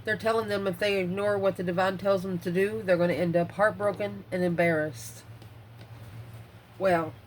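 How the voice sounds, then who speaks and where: A woman's voice: medium pitch, steady tone, normal speed, a little hiss or hum, poor audio. Blunt, breathless woman reading tarot. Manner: blunt, swears freely, muses aloud over the cards. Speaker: tarot reader.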